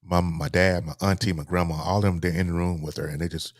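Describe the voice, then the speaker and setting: A man, a guest telling a painful personal story in a halting way, repeating words, his voice sinking low and soft. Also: steady tone, dry recording, clean studio sound. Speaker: interview guest.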